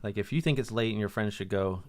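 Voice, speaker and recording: A man's voice: fairly low pitch, fast talker. A man co-hosting a podcast, telling crude stories in casual chat and acting out the quotes. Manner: crude, animated storytelling with acted-out quotes. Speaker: podcast co-host.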